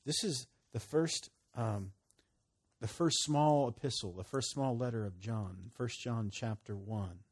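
Husky-voiced man preaching conversationally. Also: measured pace. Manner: conversational, swinging between loud emphasis and low murmurs. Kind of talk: sermon teaching.

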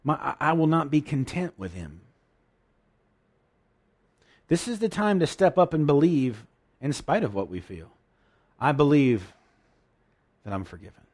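Lively, high-voiced male preacher. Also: unhurried, long pauses. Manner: earnest, emotional preaching with frequent restarts. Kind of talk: sermon.

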